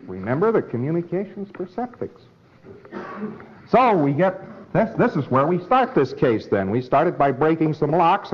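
A man lecturing in a conversational way, acting out both sides of short dialogues. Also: medium pitch. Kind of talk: recorded lecture with acted dialogue. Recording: dull old lecture recording with faint hiss.

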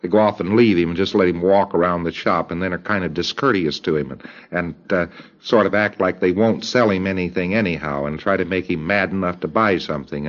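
A man giving a recorded lecture in a deliberate way, acting out bits of dialogue in quoted voices. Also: low-pitched. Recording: dull lo-fi old tape.

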